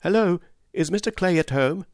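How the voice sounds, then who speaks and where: A man reading aloud puts on an earnest young stable boy with a voice pitched well above the reader's own. He pleads and protests in a raised, excited tone, quick to stand up for what is right. The storybook reading sits in a dry, close space. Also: dry recording. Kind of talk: audiobook character reading.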